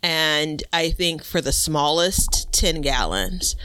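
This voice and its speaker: A man co-hosting a laid-back gardening chat, his voice is bright and crisp, a little higher than most men. He talks in an easygoing, self-deprecating way with plenty of fillers. The sound is close and dry, recorded at a home computer mic. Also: expressive, slow pace, dry recording. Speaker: podcast co-host.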